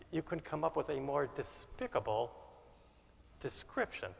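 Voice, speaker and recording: Male preacher, strongly gravelly voice, dramatic swings in volume, recorded in a large echoing hall. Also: fairly high pitch, lively intonation, unhurried. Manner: dramatic, shifts between loud bursts and soft asides. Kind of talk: sermon.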